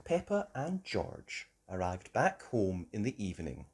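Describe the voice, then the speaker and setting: A woman reading a children's picture book aloud with gentle, expressive narration. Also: rumbling low, unhurried, hardly any pauses, husky. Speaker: storybook reader.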